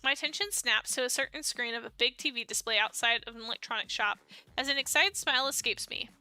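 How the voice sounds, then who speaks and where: A woman's voice: fairly high pitch, quick pace, pushed and bright, clear, resonant tone, dry recording. A young woman streamer reading a dating sim aloud in first person and reacting with playful, laughing asides.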